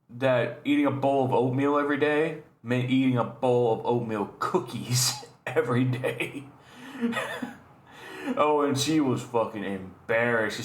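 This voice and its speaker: A man telling stories and reacting as a casual YouTube host, rambling and swearing often. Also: mid-range voice. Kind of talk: casual storytelling and reaction commentary. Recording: roomy echo.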